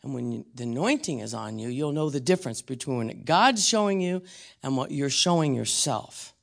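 A man preaching a blunt, emphatic teaching sermon, slowing down and dropping to a whisper on key words. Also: mid-range voice, animated, vocal fry, fairly bright tone.

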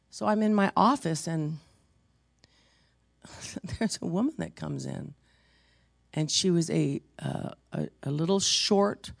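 Pastor, storytelling sermon, lively swings in pitch, gravelly creak, dry close sound. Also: no echo. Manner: animated, conversational, self-deprecating storytelling.

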